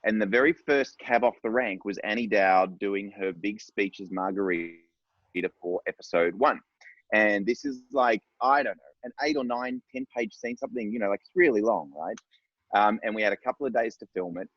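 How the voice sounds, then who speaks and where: Low-voiced man on a video call. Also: moderate pace, no room sound, dull audio. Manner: rambling, warm storytelling with restarts. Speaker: director on a panel. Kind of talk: casual panel discussion.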